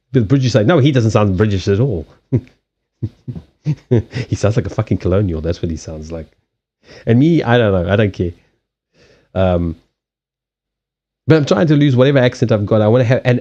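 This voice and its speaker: A man's voice: fairly low pitch, animated, moderate pace, long pauses, warm tone, highs cut off. A man hosting a card-reading live stream, telling anecdotes in a chatty way and laughing often. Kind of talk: casual live-stream chat.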